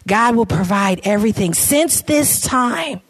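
A woman's voice: a little high, animated, unhurried. A middle-aged woman giving an impassioned faith testimony to an audience, often repeating phrases for emphasis. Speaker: ministry founder speaking to an audience. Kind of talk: testimony talk.

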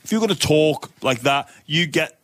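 A man's voice: a little high, expressive, moderate pace, a bit bright, dry recording. A man co-hosting a sports radio show, arguing his point passionately with frequent restarts. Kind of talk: casual sports debate.

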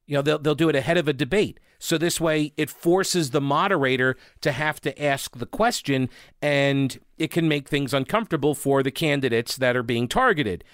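A man's voice: fairly high pitch, normal speed, a bit bright, no room sound, studio quality. A man giving sarcastic, conversational political commentary, reading news headlines aloud between his remarks.

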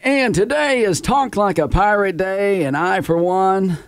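A man's voice: sits high, measured pace, background noise. A man hosting a morning radio show, joking and laughing often in casual banter with his co-hosts.

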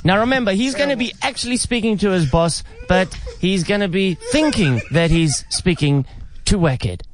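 A man's voice: high voice, lively intonation, moderate pace, background noise. A man hosting a radio prank bit, playfully explaining the setup. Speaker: radio prank caller host. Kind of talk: casual radio banter.

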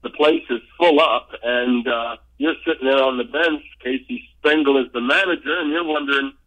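A man's voice: mid-range voice, moderate pace, low-quality recording. An older man, a former ballplayer, telling long rambling stories in an interview, full of fillers and restarts. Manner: rambling, lively storyteller with many fillers and restarts. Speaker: former pro baseball player, interview guest. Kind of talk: relaxed anecdotal storytelling.

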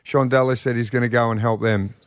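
A man's voice: medium pitch, fairly even intonation, brisk, clear, resonant tone. A man hosting a radio show, encouraging and upbeat as he chats with a prize winner. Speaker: radio host.

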